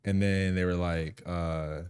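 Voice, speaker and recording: A man hosting a podcast in casual chat, an animated storyteller who drops quiet and heavy, then turns loud and laughing, thinking aloud with restarts. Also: deep voice, takes it slowly, a little hiss or hum. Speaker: podcast host.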